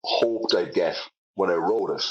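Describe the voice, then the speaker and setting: Irish guy, low voice, rambly and self-deprecating, fillers everywhere, kinda lo-fi sound. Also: measured pace. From Ireland. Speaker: comedian guest. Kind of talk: casual interview chat.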